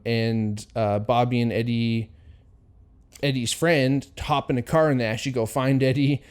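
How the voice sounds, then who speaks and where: A man's voice: mid-range voice, darkish tone. Chatty man hosting a solo podcast. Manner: rambling, many fillers, acts out quotes with chuckles. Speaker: podcast host. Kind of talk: casual solo podcast storytelling.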